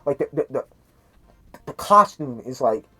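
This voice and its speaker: A man's voice: medium pitch, animated, a little slow, sharp tone, slightly rough. A man giving a rambling, profane movie review on a cheap mic through a mask, his voice slightly muffled and full of restarts. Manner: rambling, restarts a lot, swears, laughs at things. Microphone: cheap mic talked into through a mask.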